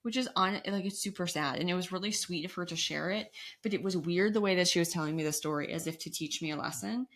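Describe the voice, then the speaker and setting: Sarcastic woman with a low gravelly voice. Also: fast talker. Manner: chatty, sarcastic, animated storytelling. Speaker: podcast co-host. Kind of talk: casual chat.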